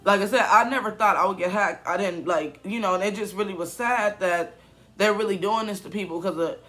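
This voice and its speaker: A young man in his twenties with a high, bright voice, talking in a casual vlog. He rambles and restarts, sounding shaken and emotional. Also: brisk. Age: 20s. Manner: rambling, many fillers and restarts; upset, emotional. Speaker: YouTuber.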